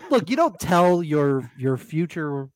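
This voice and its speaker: A man's voice: a little high, very animated, slow, no room sound, studio quality. A man co-hosting a podcast, chatting casually and laughing along about a reality show. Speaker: podcast co-host.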